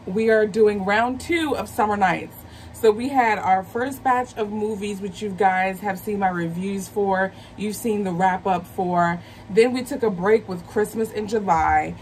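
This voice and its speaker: A woman in her thirties hosting a movie review channel, chatting casually in a slangy, excitable way. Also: medium pitch, a little hiss or hum, rough recording. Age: 30s. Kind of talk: casual chat.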